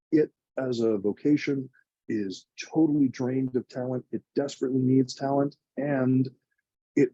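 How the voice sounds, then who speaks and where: A man's voice: medium pitch, warm tone, breathy edge, dry recording, highs cut off. A man in his forties, a nonprofit co-founder, telling his story in an earnest, emotional, chatty way. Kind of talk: reflective conversational storytelling.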